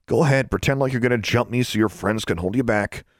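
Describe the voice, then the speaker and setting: A man's voice: mid-range voice, quick pace, no echo, studio quality, voice pushed up, natural voice. A man voicing a smug, condescending teenage boy wizard.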